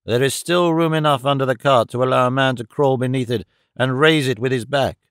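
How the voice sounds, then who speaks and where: A man's voice: mid-range voice, fairly quick, a bit bright, clear, resonant tone, no room sound, clean studio sound, close to an everyday voice. A man reading the part of an earnest mayor who urges a crowd in a pressing, pleading way. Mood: urgent. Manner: urgent, pleading.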